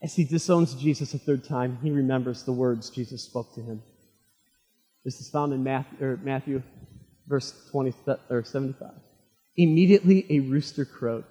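A man preaching a sermon, retelling a story dramatically and swinging from loud, fervent lines to hushed ones. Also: mid-range voice, moderate pace, husky, soft background music. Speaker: pastor. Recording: long hall reverb.

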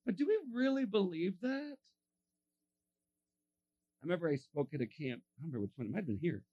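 A man preaching a sermon, telling stories and acting out the voices of the people in them, dropping to a hush and then rising to a shout. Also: on the high side, lively intonation, fairly quick, highs cut off. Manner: acts out voices in his stories, swings from hushed to shouting. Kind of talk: animated sermon storytelling.

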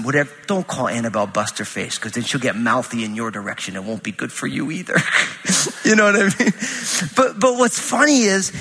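A man's voice: sits high, sharp tone, breathy edge. A man giving a sermon in a church, talking casually and telling funny family stories with lots of fillers. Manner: conversational, humorous storytelling with many fillers. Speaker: pastor. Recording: reverberant hall sound.

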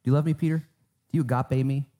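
A man voicing a patient shepherd figure who asks calm, repeated questions. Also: mid-range voice, quick pace, pitched above the performer's own voice, close to an everyday voice. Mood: gentle, probing.

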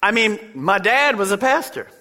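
A man preaching from the pulpit in a lively, swooping voice, calling on his listeners directly. His tone is bright and forceful. Long reverb from a large church sanctuary trails every phrase. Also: sits high, moderate pace. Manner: emphatic, conversational preaching with direct appeals to listeners. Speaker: pastor. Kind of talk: sermon.

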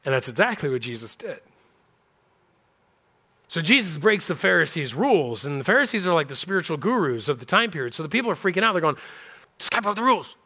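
A man pastor delivers a sermon in a slightly raised, bright voice. He talks conversationally and with animation, breaking off into candid asides. His tone is more chat than pulpit oratory. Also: fairly high pitch, big pitch swings, fast talker, husky.

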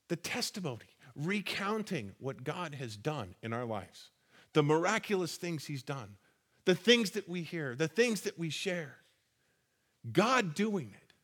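A man preaching a sermon, reading scripture verses and adding relaxed conversational asides. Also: a little high, measured pace.

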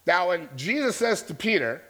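A man's voice: high-pitched, sing-song, normal speed, sharp tone. A man preaching a sermon as a pastor, in a conversational storytelling manner that keeps checking in with his listeners.

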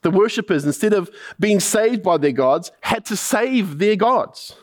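A man with a New Zealand accent preaching a sermon in a slightly higher voice. He tells stories with a running refrain and presses his listeners with searching questions. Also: animated, a little slow. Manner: storytelling with repeated punchlines, then probing rhetorical questions.

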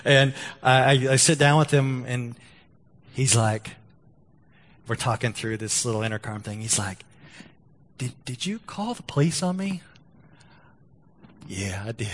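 A man's voice: mid-range voice, unhurried, pauses often, in a large hall. A male pastor preaching a sermon, telling a story with restarts and acted-out quotes, then leading a prayer. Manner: storytelling, lively quoted voices, stammered restarts. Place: church sanctuary.

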